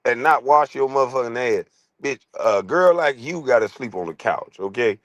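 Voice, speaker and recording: A middle-aged man streaming a profane comic rant, crude, loud and laughing often. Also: mid-range voice, lively intonation, moderate pace, no room sound.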